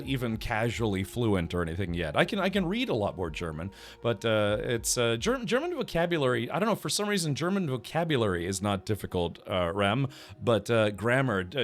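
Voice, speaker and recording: A man's voice: mid-range voice, fairly bright tone. A man live-streaming a video game, chatting casually with his viewers, rambling with many fillers and restarts. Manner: rambling, chatty, greets chat by name, frequent fillers.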